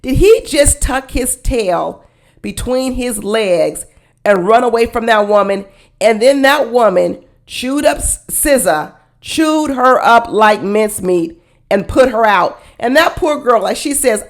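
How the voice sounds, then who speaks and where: A woman giving casual, blunt commentary on a reality show, with sassy, animated delivery and frequent laughing asides. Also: on the high side, measured pace. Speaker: reality TV reaction host.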